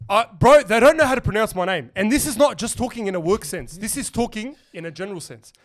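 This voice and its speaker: A young man, co-hosting a casual podcast chat and telling rambling, excitable stories full of swearing. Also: high voice, quick pace. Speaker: podcast co-host.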